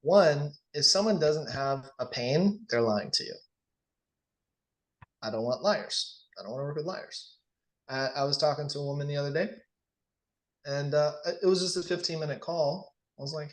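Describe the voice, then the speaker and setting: Male sales coach, higher-pitched, energetic, demonstrative. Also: moderate pace. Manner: animated, acts out sales dialogues. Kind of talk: casual coaching session.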